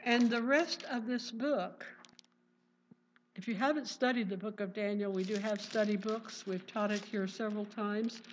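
A woman's voice: medium pitch, normal speed, a little hiss or hum. A woman teaching a Bible study in an earnest sermon style, reading verses and often saying praise. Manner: earnest, exclaims "Praise the Lord". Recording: dull lo-fi recording.

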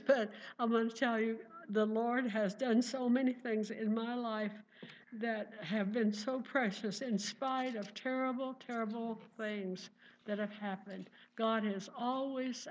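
A woman's voice: a little high, fairly even intonation, moderate pace. A woman preaching a sermon with fervent conviction and repeated exclamations of praise. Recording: dull lo-fi recording.

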